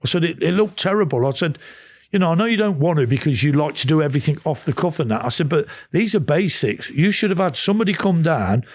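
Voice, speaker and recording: A man's voice: a little high, expressive, fast talker. An English man, a podcast guest, telling long rambling anecdotes in a casual interview, full of quoted exchanges and restarts.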